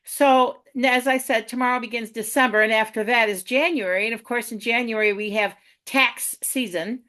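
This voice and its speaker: Woman poet, wry ranting rhyme, video call, fairly high voice. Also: fairly even intonation, moderate pace, sharp tone. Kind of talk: rhyming poetry reading.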